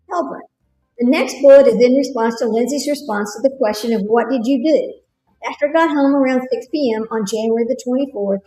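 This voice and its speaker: A woman's voice: fairly high pitch, warm tone, roomy sound, low-quality recording. A woman with a Texas drawl, chatting casually to viewers on her livestream commentary. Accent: Texan. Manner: chatty, laughs often, talks to viewers. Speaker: livestream host.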